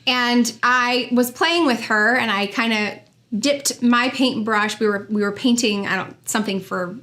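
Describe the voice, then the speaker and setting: A woman's voice: on the high side, a little slow. A woman co-hosting a parenting podcast, telling stories casually and acting out the quotes. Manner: storytelling, animated, acts out quotes. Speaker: podcast co-host. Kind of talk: casual chat.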